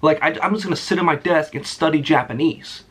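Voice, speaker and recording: A man's voice: on the high side, a little fast, fairly bright tone, breathy edge. A young man telling a work story as a casual, profane and sarcastic rant. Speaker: vlogger.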